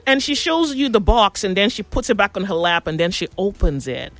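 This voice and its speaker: A woman with a medium-pitched voice talks briskly in a casual chat, telling gossipy stories. She's an animated storyteller who acts out what people said.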